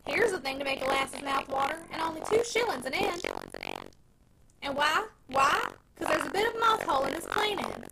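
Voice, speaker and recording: A woman's voice: high-pitched, wildly swooping pitch, normal speed, vocal fry, loud music behind the voice, full character voice, low-quality recording. A woman reading aloud and voicing a sly, humble country packman in a coaxing rustic dialect. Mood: wheedling. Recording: loud background noise.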